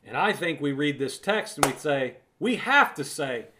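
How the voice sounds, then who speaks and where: A man's voice: on the high side, animated, normal speed, few pauses, bright, forceful tone, slight background noise. A man giving a recorded Bible teaching, emphatic and conversational, repeating words for emphasis and calling the listener friend.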